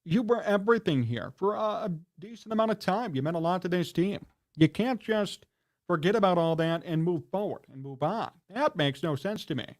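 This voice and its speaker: A man with a fairly high voice hosts a live sports talk stream. He rants in a heated, indignant way and scolds the people he talks about. His voice runs above most men's. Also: animated, moderate pace. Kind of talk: livestream sports rant.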